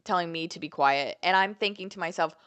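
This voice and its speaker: A young woman vlogger telling a story in an animated, profane, candid way. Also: lowish voice, fairly quick, clean tone. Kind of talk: storytime vlog.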